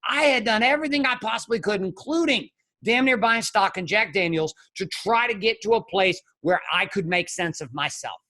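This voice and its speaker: A man's voice: high voice, normal speed, few pauses, bright, forceful tone. Blunt, profane man with a raised voice. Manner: blunt, profane, emphatic storytelling. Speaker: podcast guest, men's coach. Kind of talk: candid podcast interview.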